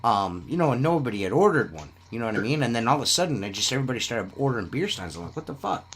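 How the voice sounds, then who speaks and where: A man's voice: mid-range voice, sing-song, very fast, fairly bright tone, husky. A man hosting a casual podcast, rambling and swearing often, with "you know what I mean" in nearly every sentence. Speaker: podcast host selling shirts.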